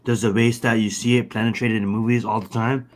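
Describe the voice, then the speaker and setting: A man's voice: mid-range voice, flat delivery, a little fast. A man in casual podcast chat, rambling through long answers with many fillers and restarts. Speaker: podcast guest.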